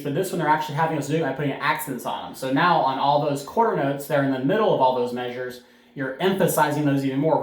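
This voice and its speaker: A man teaching a sixth grade band lesson on video, explaining rhythms with frequent fillers and counting beats aloud. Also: a little high. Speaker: middle school band teacher. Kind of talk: recorded music lesson. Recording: echoey room sound.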